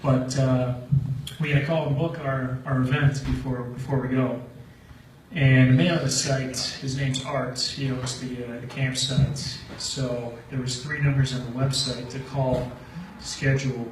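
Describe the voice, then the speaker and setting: A man's voice: mid-range voice, little pitch movement, unhurried, a little hiss or hum. Rambling stand-up man in an echoey room. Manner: rambling, laughs at his own jokes. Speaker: stand-up comedian. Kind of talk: stand-up storytelling. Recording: echoey room from far off with faint ambience.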